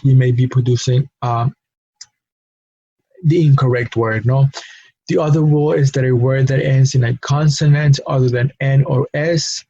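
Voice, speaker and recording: Man, language teacher, patient and repetitive, flat delivery, dull lo-fi recording. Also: mid-range voice, husky, no room sound. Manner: patient, repeats himself, tag question "no?". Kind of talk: recorded classroom lesson.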